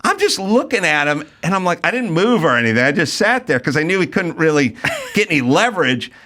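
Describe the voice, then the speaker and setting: A man's voice: fairly high pitch, fairly quick. A male podcast host telling a rant-filled story in casual chat, acting out the people in it. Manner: animated, ranting, acts out quotes.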